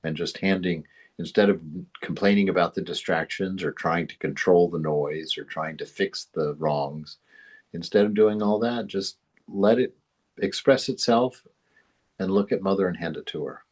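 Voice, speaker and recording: Man, spiritual teacher, very deep voice, husky tone, chuckles often, rambling informal talk. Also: normal speed. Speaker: spiritual study group teacher.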